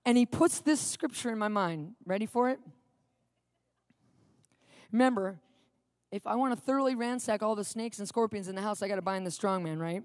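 A woman's voice: medium pitch, brisk, dry recording, clean studio sound. A middle-aged woman preaching a sermon, telling a personal story and reading scripture with dramatic emphasis, often checking in with her listeners. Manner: animated, questioning the audience, dramatic scripture reading.

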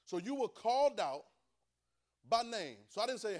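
High-voiced male preacher teaching scripture, emphatic and repetitive, calls listeners to answer. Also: very animated, moderate pace. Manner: emphatic, repeats phrases, calls for responses from listeners. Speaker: preacher teaching a Bible class. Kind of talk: sermon.

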